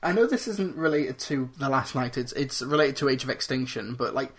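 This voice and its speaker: A man's voice: medium pitch, lively intonation, brisk. A man co-hosting a movie podcast, chatting casually and rambling through critiques with frequent restarts. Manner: rambling, restarts often, quotes lines in put-on voices. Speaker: podcast co-host. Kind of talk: casual movie review chat.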